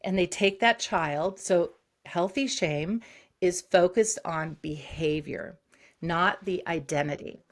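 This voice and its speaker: A woman psychologist, a guest on an interview show, who explains concepts briskly and acts out short examples. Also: lowish voice. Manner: explains quickly with acted-out examples.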